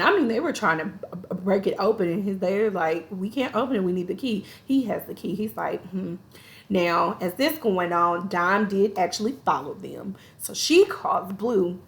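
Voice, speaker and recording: Woman, TV reviewer, gravelly voice, mid pitch, chatty recap, acts out character lines. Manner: chatty, animated retelling with quoted voices and asides. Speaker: TV show reviewer. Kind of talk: casual episode recap.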